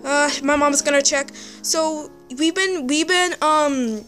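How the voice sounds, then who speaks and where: A young female vlogger talking to camera, sighing often, halting and restarting her sentences. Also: sits high, a bit bright, faint music behind. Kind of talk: emotional vlog to camera.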